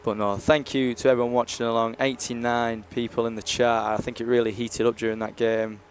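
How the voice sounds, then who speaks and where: A man's voice: medium pitch, little pitch movement, brisk, slight background noise. A young man commentating live on a university ice hockey stream, chatty and jokey as he rambles between games.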